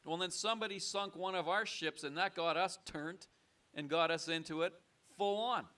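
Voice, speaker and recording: A man from the United States hosting a mock call-in show, blustery with wry quick asides. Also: high-pitched, pushed and bright.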